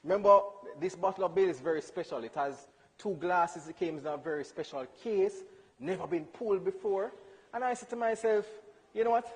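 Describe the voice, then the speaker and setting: A young man telling a funny personal story in church, animated and acting out dialogue with laughs. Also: high-pitched, fairly quick. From Jamaica. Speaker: church speaker. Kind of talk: storytelling testimony. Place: church hall. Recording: hall reverb.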